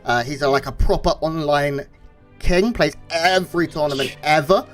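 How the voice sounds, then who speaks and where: A man giving relaxed, analytical color commentary on a strategy game match, with frequent fillers. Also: a little high, moderate pace, soft background music. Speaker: esports co-caster.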